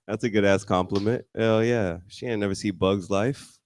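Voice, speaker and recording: A man's voice: on the low side, unhurried, darkish tone, a little hiss or hum. A man doing stand-up at a comedy bar, bantering loosely with the crowd. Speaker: stand-up comic. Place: comedy bar stage with audience.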